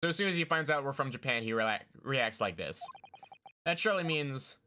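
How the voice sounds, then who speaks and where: A man's voice: medium pitch, expressive, brisk, pushed and bright, a little hiss or hum. A young man casually commenting as he streams a game, joking and swearing freely. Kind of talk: let's play commentary.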